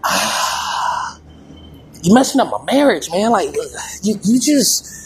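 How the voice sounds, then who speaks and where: A woman's voice: mid-range voice, wildly swooping pitch, takes it slowly, slightly rough. Indignant woman ranting in a comedy bit. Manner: rambling, repetitive, stammering restarts; indignant, lecturing. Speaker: comedian playing a head of state. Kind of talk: improvised comedic rant in character.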